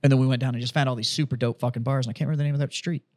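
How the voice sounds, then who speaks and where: Profane, animated storytelling man. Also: mid-range voice, rapid-fire. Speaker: podcast co-host. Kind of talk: casual chat.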